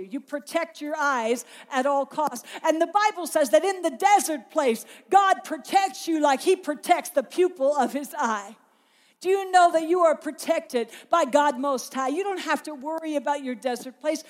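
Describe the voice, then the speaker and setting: Female preacher, high-pitched, passionate sermon with emphatic repetition.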